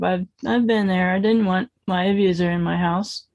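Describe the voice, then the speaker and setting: A woman's voice: lowish voice, steady tone, moderate pace, darkish tone. A woman hosting an interview, responding supportively and sharing her own experience. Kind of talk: interview conversation.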